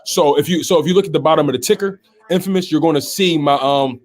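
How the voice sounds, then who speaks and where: A man's voice: a little high, fast talker. A man hosting a casual sports talk live stream, reading viewer comments aloud and reacting to them.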